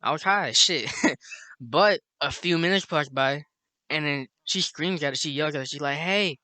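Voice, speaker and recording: A young man from Chicago rambles through a story full of swearing, laughing at it as he goes. His voice sits a bit high, with a bright, forceful edge. The sound is dry and close. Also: normal speed, dry recording. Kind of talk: casual storytime monologue.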